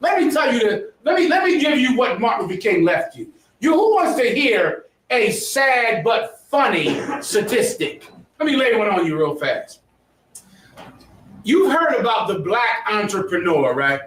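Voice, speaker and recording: A man's voice: sits high, very animated, a little slow, fairly bright tone. A man teaching a history class, lecturing emphatically and quizzing his students. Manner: emphatic, preachy, asks the class questions. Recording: echoey room, mic far off.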